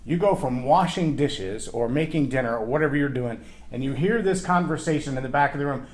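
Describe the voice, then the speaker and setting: Animated man teaching from the Bible. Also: medium pitch, a little fast. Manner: animated, acts out quoted lines in character; repeats words when thinking aloud. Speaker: faith and leadership teacher.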